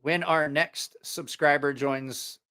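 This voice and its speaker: A man's voice: fairly high pitch, steady tone, slow pace, pushed and bright, clear, resonant tone. A man hosting a casual livestream, telling profane, rambling anecdotes with frequent laughter. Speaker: livestream host.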